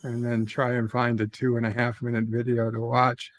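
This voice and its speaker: A man's voice: mid-range voice, completely flat delivery, moderate pace. A man joining a livestream as a guest, joking and swearing in casual chat. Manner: joking, swears, puts on a mock Aussie accent.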